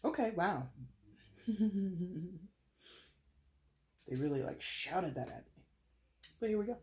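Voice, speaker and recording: A woman in her thirties giving a casual tarot reading to camera, chatty and animated, often laughing and playing with voices. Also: low-pitched, a little fast. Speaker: tarot reader.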